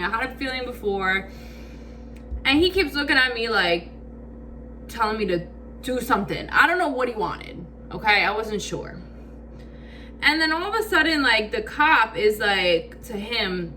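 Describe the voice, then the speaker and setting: A woman's voice: on the high side, moderate pace, a little hiss or hum. A woman telling a storytime vlog in casual slang, acting out quotes with lots of fillers and swearing. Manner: animated, acts out quotes, frequent "like" fillers. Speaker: vlogger.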